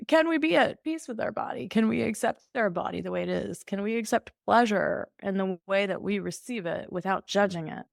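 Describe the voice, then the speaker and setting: A woman's voice: mid-range voice, brisk, vocal fry, hardly any pauses, no echo, clean studio sound. A woman coaching as a podcast guest, breezy and candid, laughing often and slipping into playful voices. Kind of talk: conversational podcast interview.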